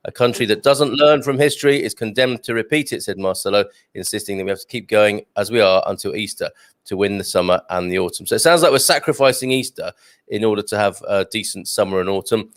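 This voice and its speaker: A man's voice: lowish voice, fast talker, no echo. A man hosting a casual morning live stream, chatting, laughing often and reading out viewer greetings and news. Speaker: host.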